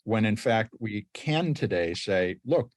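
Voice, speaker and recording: A man's voice: fairly low pitch, lively intonation, moderate pace, no echo. A man hosting a podcast interview, setting up questions with emphatic, engaged remarks. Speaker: podcast host.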